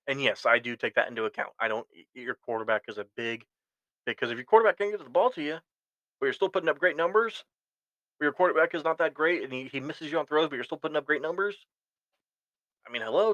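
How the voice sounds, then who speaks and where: A man's voice: medium pitch, pushed and bright, no room sound, poor audio. A man hosting a solo sports podcast, rambling and correcting himself as he gives opinionated fan takes. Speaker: podcast host.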